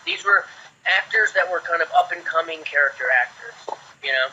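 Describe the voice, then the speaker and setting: A man in his forties, an actor guest, telling chatty, lively anecdotes in a casual way. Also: on the high side, normal speed, a little hiss or hum. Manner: lively, chatty, acts out quotes. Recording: dull lo-fi sound.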